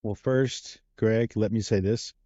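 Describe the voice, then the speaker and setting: Joking man with a low, dark voice. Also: takes it slowly, no room sound, muffled recording. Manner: energetic, joking, playful. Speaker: guest interviewer. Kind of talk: casual podcast interview.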